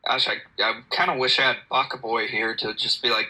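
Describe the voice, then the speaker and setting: A man's voice: mid-range voice, steady tone, fairly quick, few pauses, bright, forceful tone, husky, rough recording. A man hosting a solo podcast, reviewing a film in a meandering, self-deprecating way with lots of restarts. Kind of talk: rambling solo podcast talk.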